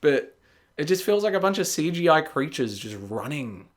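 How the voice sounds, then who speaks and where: A man giving a casual spoken movie review, sarcastic and exasperated, often jumping into high mocking voices to act out scenes. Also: normal speed. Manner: animated, jumps into high mocking voices for quotes.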